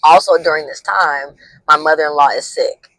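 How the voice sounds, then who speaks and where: A woman's voice: deep voice, normal speed, a bit bright, no room sound, poor audio. A woman in her thirties, a counselor and vlogger, telling a heartfelt personal story in a casual way, with many "like" fillers.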